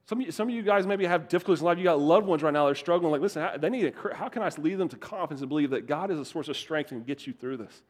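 High-voiced animated male preacher. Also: very fast, hardly any pauses. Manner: animated, repeats words, swings from loud to hushed. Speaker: pastor. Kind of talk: sermon.

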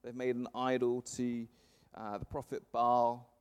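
Guy in his 30s preaching in church, mid-pitched voice, gets loud then drops way soft at the ends. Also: measured pace, smooth. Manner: lively, swings from loud emphasis to soft trailing phrase ends. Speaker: pastor. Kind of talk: sermon. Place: church service before a congregation.

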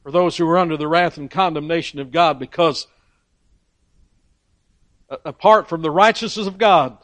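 A male preacher with a fairly high voice, delivering a sermon in an emphatic way. He swings from loud peaks down to quiet asides and often restarts his phrases. The sound is dry and close. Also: moderate pace, dry recording.

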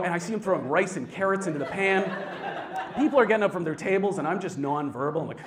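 Animated man telling a live story. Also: sits high, quick pace. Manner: animated, swings from quiet to loud.

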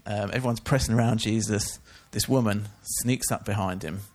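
A man's voice: lowish voice, fairly even intonation, moderate pace. A man giving a casual, chatty Bible teaching talk, full of informal asides. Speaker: church teacher.

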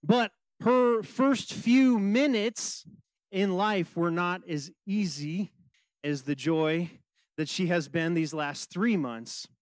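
A middle-aged man, a pastor, preaching a sermon and telling a personal story in an animated, conversational way with many fillers. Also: sits high, slow, no room sound, low-quality recording.

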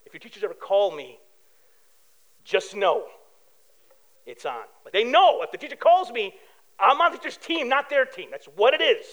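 A man from preaching a sermon as pastor, animated and telling stories with acted-out quotes. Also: high voice, poor audio.

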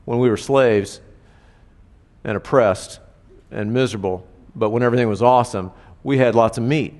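Conversational preacher in a reverberant hall. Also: male voice, fairly low pitch, fairly quick, a little mellow. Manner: conversational, asks rhetorical questions. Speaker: pastor. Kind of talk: sermon.

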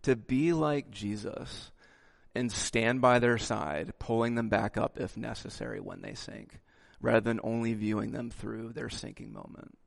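A male pastor preaching a sermon with lively delivery, dropping "okay" asides and acting out the quotes he reads. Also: medium pitch, measured pace, vocal fry.

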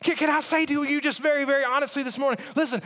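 A man's voice: extremely high pitch, steady tone, racing, a bit bright, long reverb tail. A man preaching a sermon as pastor, earnest and emphatic, repeating key phrases for weight. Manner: earnest, repetitive emphasis, mimics others in asides.

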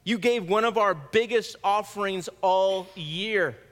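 A man's voice: high voice, measured pace, fairly bright tone. A man pastor delivering a sermon in an earnest, conversational preaching manner. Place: church sanctuary. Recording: long reverb of a church hall.

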